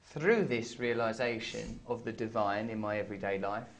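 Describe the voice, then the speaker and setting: A man in his thirties with an English accent, a comedian guest in an interview, rambling through absurd deadpan jokes. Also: on the low side, normal speed, slight background noise. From England. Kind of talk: playful interview banter.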